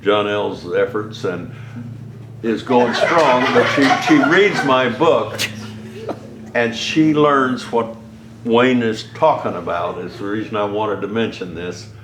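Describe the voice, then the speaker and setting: A man's voice: on the low side, slow. A man telling a story in a casual, rambling way. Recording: roomy with faint background noise.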